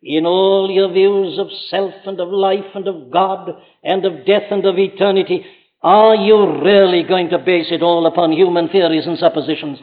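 Older Welsh male preacher, earnest and pressing, higher-pitched, captured on a tinny old recording in a church. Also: steady tone, moderate pace. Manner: earnest and urgent, with rhetorical questions. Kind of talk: sermon. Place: church pulpit. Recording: phone-like archive recording in a reverberant hall.

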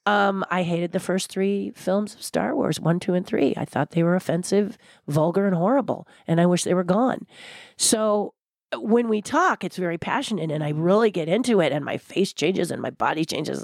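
An older woman being interviewed, talking in a passionate, blunt and animated way. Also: on the low side, a little fast, gravelly, no echo, clean studio sound. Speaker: guest, former theme park designer. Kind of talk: candid interview conversation.

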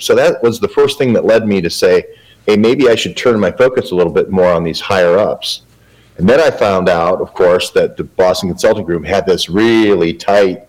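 A man with a very low-pitched voice, interviewed as a guest journalist. He rambles on in a matter-of-fact way, padding his answers with fillers. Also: darkish tone, rough recording.

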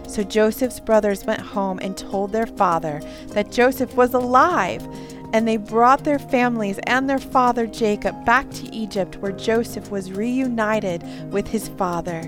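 Woman storyteller, devotional bible story, gentle and expressive, very slow pace, faint music underneath. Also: medium pitch.

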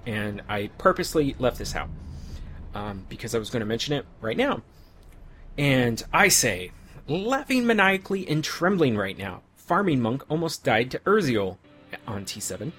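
A man's voice: mid-range voice, fairly bright tone. A middle-aged man hosting a casual podcast, reading listener tweets aloud in a chatty, stumbling way with easy laughs. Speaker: podcast host.

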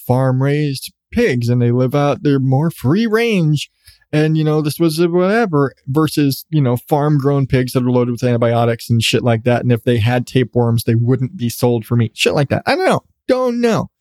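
A man's voice: on the high side, warm tone, no echo, studio quality. A man hosting his own podcast, ranting in a sarcastic, profane way about news stories. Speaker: podcast host. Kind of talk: solo podcast commentary.

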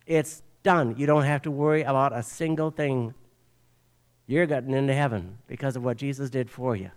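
An older man preaching a sermon, telling a children's story with an animated preacher's delivery. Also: mid-range voice, moderate pace. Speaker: pastor.

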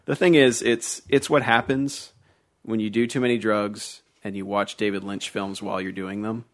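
A man with a somewhat low voice, ranting bluntly through a casual film review chat. He swears freely and sounds exasperated. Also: little pitch movement, moderate pace. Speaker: podcast co-host.

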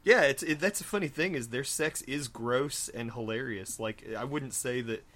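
A man's voice: mid-range voice, normal speed, fairly bright tone. A man co-hosting a comic book podcast, chatty and laughing often in casual talk. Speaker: podcast co-host.

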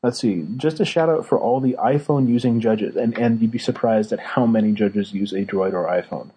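A man co-hosts a casual podcast and explains rules in a patient, rambling way full of ums and restarts. His voice is low and dark, with an extremely smooth, resonant timbre. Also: normal speed, poor audio. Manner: explanatory, many fillers and restarts. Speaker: podcast co-host, card game judge. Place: Northern California.

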